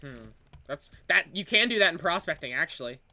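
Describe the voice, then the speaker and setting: A man casually chatting with viewers while streaming a game, his voice bright and forward. He laughs often and swears freely, keeping the talk loose and unscripted. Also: fairly high pitch, animated, a little fast, no room sound. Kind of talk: casual livestream chat.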